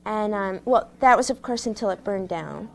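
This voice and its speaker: A woman's voice: mid-range voice, normal speed, vocal fry, close to an everyday voice. A woman playing an earnest, single, twenty-four-year-old zoo curator in a comedy sketch. She talks hesitantly, full of ums and restarts.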